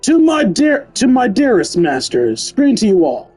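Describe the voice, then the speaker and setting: A man voicing a cowboy gunslinger who reads out a flowery formal letter in a lowered drawl. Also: expressive, moderate pace, darkish tone, soft background music, poor audio. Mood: pompous.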